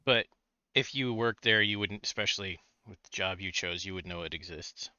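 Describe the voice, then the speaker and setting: Low, bright-toned man running the game. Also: normal speed, clear, resonant tone, no echo, muffled recording. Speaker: storyteller. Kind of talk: answering player questions as game master.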